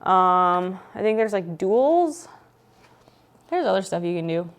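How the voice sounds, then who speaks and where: A woman's voice: mid-range voice, very animated, takes it slowly. A woman streaming from home, chatting casually with viewers, playful and teasing, with some swearing.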